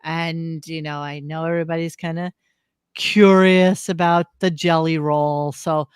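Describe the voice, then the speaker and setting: A man's voice: fairly high pitch, little pitch movement, measured pace, smooth, dry recording, clean studio sound. A man co-hosting a podcast, chatting casually and crudely, joking and riffing on radio clips. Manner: crude, joking, playful riffs. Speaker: podcast co-host.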